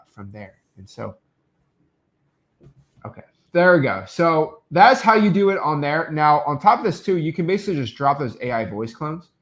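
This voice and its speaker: A young man coaching wholesaling in a loose, rambling tutorial, full of fillers and restarts. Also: mid-range voice. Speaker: real estate wholesaling coach. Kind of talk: casual screen-recorded tutorial.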